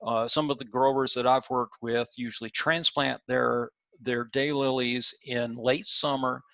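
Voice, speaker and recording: Male lecturer, creaky voice, explanatory and questioning, dull lo-fi dry recording. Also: mid-range voice, fairly even intonation, unhurried, a bit bright, dry recording. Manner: explanatory, asks the audience questions, some stumbles on product names. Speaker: extension weed scientist lecturing.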